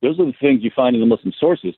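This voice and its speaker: Blunt guy on a phone call, husky, kinda tinny and dry. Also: medium pitch, fast talker, dry recording. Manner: blunt, storytelling with frequent restarts. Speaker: guest apologist. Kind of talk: conversational interview answers.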